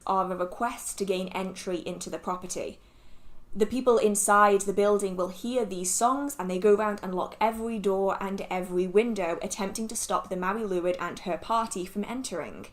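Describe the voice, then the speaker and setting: A woman narrating a folklore video in a steady, explanatory way. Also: mid-range voice, moderate pace. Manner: steady, explanatory, apologetic about pronunciation. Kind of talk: scripted narration.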